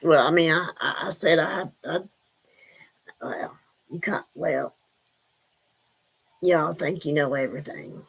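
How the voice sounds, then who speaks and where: A woman's voice: deep voice, a little slow, gravelly, long pauses, husky. A woman chatting casually on a live stream, rambling and answering her viewers' comments.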